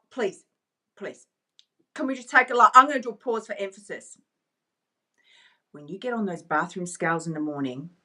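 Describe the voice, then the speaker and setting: A woman's voice: fairly high pitch, fairly bright tone. A woman, a coach giving a live-stream pep talk, emphatic and repeating lines to drive home her point while she chats with viewers. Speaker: weight-loss coach.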